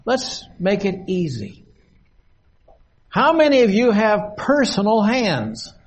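Older male preacher, higher-pitched, slow deliberate sermon with long pauses at a podium. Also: wildly swooping pitch, slightly rough. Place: meeting hall, at a podium.

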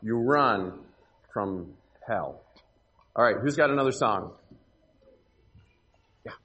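In a church hall with long, echoing reverb, a man teaches children an interactive Bible lesson, steering them along with questions in an upbeat, coaxing way. His voice sits on the low side and is expressive and slow, with a sharp tone, though the audio itself sounds dull.

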